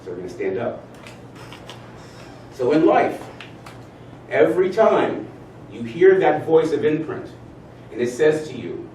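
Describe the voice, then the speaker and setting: A man giving a motivational talk, animated as he leads his audience in spoken exercises. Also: a little high, unhurried, long pauses. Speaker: speaker leading a talk. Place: event room with audience. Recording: roomy sound from far off, faint noise.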